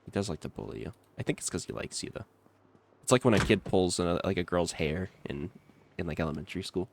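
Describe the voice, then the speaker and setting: A man's voice: low voice, quick pace, gravelly, a little hiss or hum. A young man chatting casually with his livestream chat while gaming, laughing often and reacting to comments. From not from Kentucky. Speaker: streamer.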